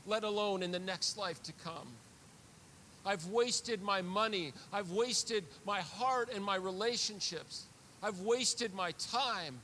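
A man's voice: sits high, bright, forceful tone, slight background noise. A man preaching a sermon as pastor, earnest and confessional, often repeating words as he builds a point.

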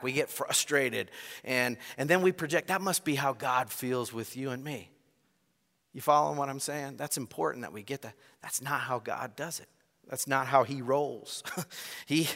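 A man's voice: medium pitch, fairly bright tone. A man preaching a sermon as pastor, earnest and direct, appealing straight to his congregation in a church. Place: church sanctuary. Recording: long reverb of a large hall.

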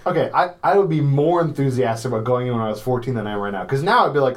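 A blunt man chats casually as a podcast co-host, swearing freely and sounding a little sick. His pitch sits in the middle but swings widely as he talks. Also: animated, rapid-fire, few pauses. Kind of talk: casual chat.

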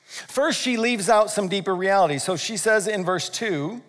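A high-voiced man preaches with animated energy, acting out voices and tossing questions to the congregation. His words carry a long reverb from a church sanctuary. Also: normal speed. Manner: animated, acts out voices, asks the audience questions. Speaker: pastor. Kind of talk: sermon.

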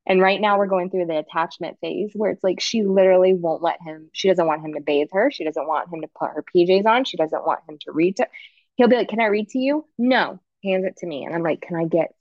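A woman's voice: fairly low pitch, fairly even intonation, fast, few pauses, dry recording, muffled recording. A woman in her thirties, a podcast guest, speaking candidly and emotionally in a rambling conversational way. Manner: frank, emotional, rambling with restarts.

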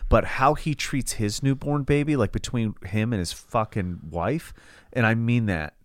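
A man's voice: mid-range voice, a little slow, no room sound, studio quality. A man co-hosting a podcast in casual, profane chat, telling stories with exaggerated voices. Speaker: podcast co-host.

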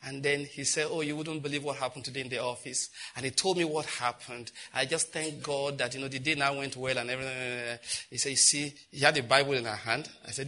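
A middle-aged man preaching to his congregation in a bright, forceful voice. He tells stories at a conversational pace, then climbs into loud, fervent outbursts. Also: mid-range voice, steady tone, brisk, a little hiss or hum. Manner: storytelling preacher who rises to loud, impassioned outbursts. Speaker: pastor. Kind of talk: sermon.

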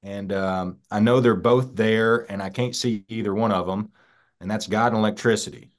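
A man's voice: lowish voice, steady tone, moderate pace. A man from Georgia appearing as a guest on a talk radio show, speaking plainly with folksy humor. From Georgia, United States. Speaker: state senator, guest.

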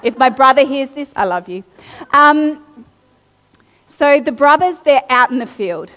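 A woman preaching a sermon, reading scripture aloud and then retelling it with animated, acted-out quotes. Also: high-pitched, a little slow. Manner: animated storytelling, acting out quotes. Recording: long hall reverb.

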